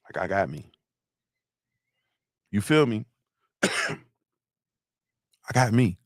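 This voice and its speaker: A middle-aged man hosts a live motivational talk extremely slowly, his pitch swinging widely, in studio-quality audio with no room sound. He speaks in a repetitive, sermonizing way, shouting out viewers, and his voice drops low once he gets emotional.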